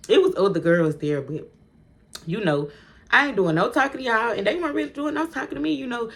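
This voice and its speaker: A woman vlogger telling a story to her viewers, animated and chatty, swearing freely and laughing often. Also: on the high side, a little fast, creaky. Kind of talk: storytime vlog.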